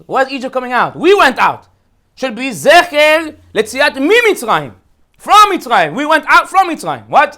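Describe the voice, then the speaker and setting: A man giving a humorous Torah lecture as a rabbi, telling stories and asking rhetorical questions. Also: extremely high pitch. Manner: animated storytelling, rhetorical questions. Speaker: rabbi teaching a holiday class.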